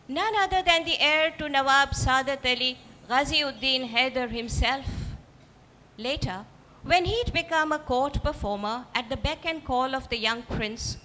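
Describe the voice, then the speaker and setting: High, unhurried woman reading fiction. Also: a little hiss or hum. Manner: expressive, storytelling, addresses audience. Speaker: author reading her fiction. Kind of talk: literary reading at a festival. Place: festival auditorium. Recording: reverberant hall.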